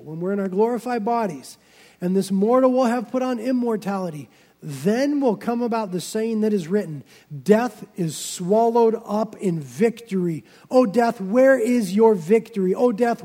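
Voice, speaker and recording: A man preaching a sermon as pastor, building to loud, emphatic passages and then dropping low and quiet. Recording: long reverb of a large hall.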